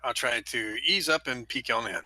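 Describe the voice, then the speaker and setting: Bright-voiced casual man playing a tabletop game. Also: medium pitch, normal speed. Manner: casual, drawling, says what his character does. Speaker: player.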